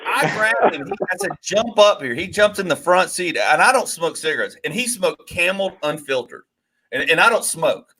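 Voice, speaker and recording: A man in his forties from Georgia telling a long animated story, swearing freely, on a casual podcast. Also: moderate pace. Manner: animated, swearing, rising pitch as story builds. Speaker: podcast co-host.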